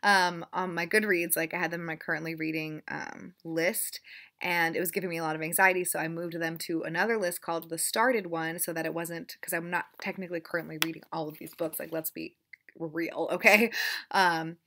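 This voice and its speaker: Young woman, casual chatty vlogger, rambling and self-deprecating, gravelly undertone. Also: fairly low pitch, fairly even intonation, fairly quick, sharp tone. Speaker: book vlogger. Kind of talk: casual chat.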